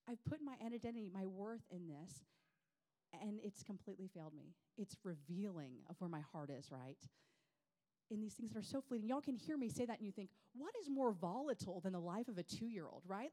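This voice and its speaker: A woman talks to a women's group. She speaks in a chatty, animated way, full of fillers and self-deprecating asides. Her voice sits at an ordinary middle pitch. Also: moderate pace. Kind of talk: personal storytelling talk.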